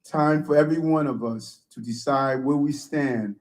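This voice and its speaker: A man, a city mayor, giving formal prepared testimony before a committee in a measured way. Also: on the high side, rough recording.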